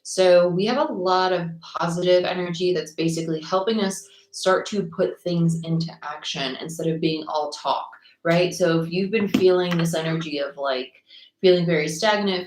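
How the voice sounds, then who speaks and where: A young woman with a fairly low voice that sounds a little worn, as if she is losing it. She chats in a bubbly, rambling way, greeting viewers by name. The room is echoey, with faint noise underneath. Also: a little mellow. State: slightly losing her voice. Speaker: tarot reader livestreaming. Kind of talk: casual livestream chat.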